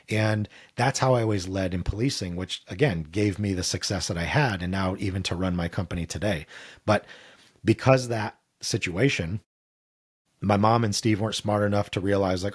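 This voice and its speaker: A man's voice: on the low side, normal speed, slightly rough. A middle-aged man, a podcast guest, candidly telling a personal story in an interview and acting out the voices he quotes.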